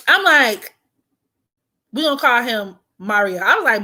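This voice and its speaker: Bright-voiced woman telling a story. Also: on the high side, measured pace, long pauses. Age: 20s. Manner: animated, profane, slangy storytelling. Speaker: vlogger. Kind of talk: casual storytime chat.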